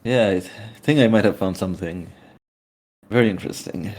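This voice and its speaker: A man playing in a tabletop game, talking in a halting, hesitant way. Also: deep voice, a little mellow, a little hiss or hum. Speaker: player.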